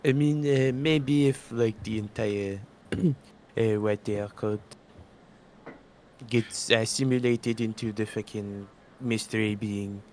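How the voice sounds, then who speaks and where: Slow, low-voiced halting male player. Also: steady tone, darkish tone, a little hiss or hum. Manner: halting, searching for words, swears.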